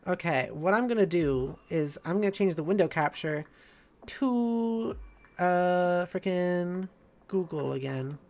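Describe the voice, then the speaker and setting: A woman's voice: fairly low pitch, expressive, slow pace, darkish tone. A woman streamer chatting casually and rambling, with many fillers and a bubbly, giggly manner. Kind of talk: casual live-stream chat.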